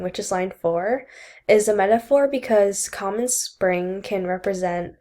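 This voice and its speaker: A woman's voice: mid-range voice, unhurried, warm tone. A young woman giving a school presentation on a poem, reading carefully from notes with occasional fillers. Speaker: student presenter.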